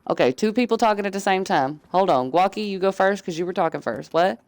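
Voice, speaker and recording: A woman's voice: medium pitch, expressive, fast, a little mellow, dry recording. A woman, casually explaining things to her crew on a live game stream, drawling with lots of fillers. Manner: laid-back, drawling, many fillers.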